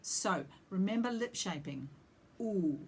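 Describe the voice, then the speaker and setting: Woman voice coach, fairly low voice, explains then sings little oo sounds, bit of faint noise behind. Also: moderate pace. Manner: explanatory, demonstrating vowel sounds by singing. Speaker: singing teacher. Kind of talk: vocal lesson with sung demonstrations.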